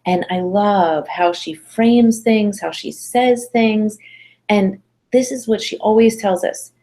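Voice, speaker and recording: A woman's voice: mid-range voice, takes it slowly. A middle-aged woman parenting instructor talking casually to mothers, chatty and encouraging, acting out little quotes as she goes. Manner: chatty, encouraging, acts out quotes with lively voices. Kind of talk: casual webinar talk to mothers.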